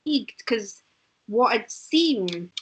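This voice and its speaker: A woman's voice: on the high side, lively intonation, takes it slowly, slight background noise. A woman, a guest in a casual chat, telling stories animatedly and laughing often.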